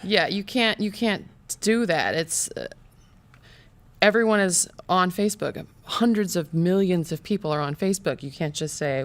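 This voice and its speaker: A woman on a casual political chat panel, making quick, wry remarks. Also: lowish voice.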